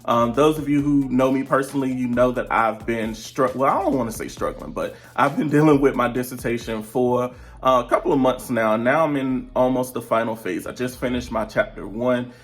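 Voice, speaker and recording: A man's voice: mid-range voice, normal speed, soft background music. A man in his thirties talking casually to his viewers from home, chatty, drifting off topic and laughing often mid-sentence. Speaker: vlogger and virtual teacher. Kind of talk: casual vlog update. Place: at home, seated.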